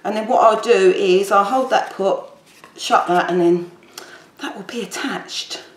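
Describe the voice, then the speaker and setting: A woman's voice: mid-range voice, a little slow. Chatty woman doing a craft demo. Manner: chatty, rambling, talks while working. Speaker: papercraft tutor. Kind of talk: casual crafting tutorial. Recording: echoey room with faint background noise.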